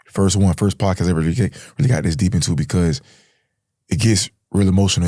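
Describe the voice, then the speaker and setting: A man's voice: sits low, warm tone, dry recording, studio quality. A young man guest on a podcast, telling an emotional story in street slang, saying bro and man a lot.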